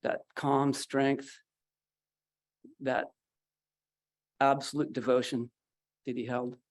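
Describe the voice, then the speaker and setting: A man's voice: mid-range voice, little pitch movement, takes it slowly. A man telling a personal story at a memorial, acting out the voices of the people in it. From Northern California. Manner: acts out quoted voices in his story. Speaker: memorial speaker. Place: memorial gathering.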